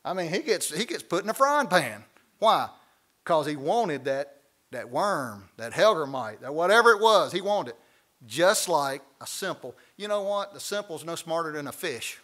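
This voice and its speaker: A preaching man teaches a Bible study in church. His voice sits notably high, and he is lively and folksy as he explains the scripture. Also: moderate pace. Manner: animated preaching with folksy asides and acted quotes. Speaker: pastor.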